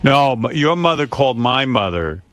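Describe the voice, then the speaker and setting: A man's voice: mid-range voice, very animated, normal speed, a bit bright. A man hosting a radio talk show, telling stories in a self-mocking, laughing way.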